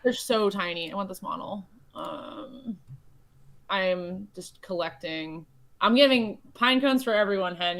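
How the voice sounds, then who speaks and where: A woman's voice: on the low side, fairly bright tone. A woman from Chicago, a guest in a casual chat, telling long rambling stories with lots of fillers and restarts. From United States (Chicago). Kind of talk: casual chat while playing a board game.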